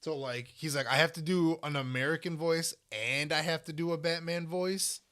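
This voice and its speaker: A man's voice: on the high side, fairly even intonation, normal speed, pushed and bright. A man co-hosting a podcast in casual chat, rambling with many fillers and swearing for emphasis. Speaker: podcast co-host.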